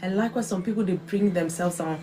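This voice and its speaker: Mellow-voiced woman giving an earnest devotional talk. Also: on the low side, fast talker, soft background music. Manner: earnest and emphatic, repeats key phrases, acts out quoted remarks. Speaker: host of a faith encouragement livestream.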